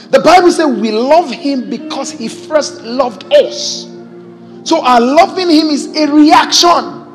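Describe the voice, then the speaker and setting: A Nigerian man with a high voice preaches with exuberant, exclaiming energy and jokes with the congregation. His voice rings through a large hall with a long echo, and soft music sits beneath it. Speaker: pastor. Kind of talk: preaching a sermon. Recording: hall reverb with faint music.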